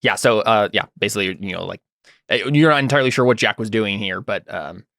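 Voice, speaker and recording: A man's voice: lowish voice, fast, gravelly, fairly bright tone, no room sound, studio quality. A man narrating as game master in a tabletop role-playing game, casual and rambling with lots of fillers.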